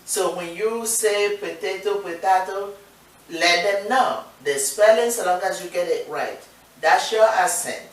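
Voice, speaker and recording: A woman's voice: fairly low pitch, expressive, a little slow. A woman from Nigeria with a Nigerian accent, co-hosting a casual talk show, speaking earnestly and encouragingly, repeating her points for emphasis. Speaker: co-host. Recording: distant, echoey room sound.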